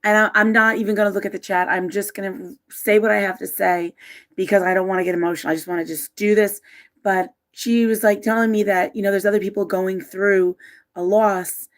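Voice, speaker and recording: A woman hosting a live stream, talking haltingly and emotionally with many pauses and restarts, partly reading aloud from her own writing. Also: mid-range voice, fairly even intonation. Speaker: livestream host.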